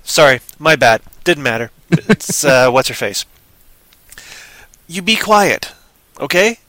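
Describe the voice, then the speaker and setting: A man's voice: on the high side, very animated, takes it slowly, fairly bright tone, no room sound. A man ranting sarcastically in casual chat about a movie he disliked. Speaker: movie reviewer.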